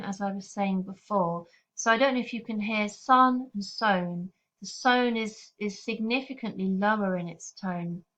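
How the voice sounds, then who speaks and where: Casting note: female teacher, clear steady explainer, mid pitch, slightly dull lo-fi audio. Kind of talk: recorded poetry lesson.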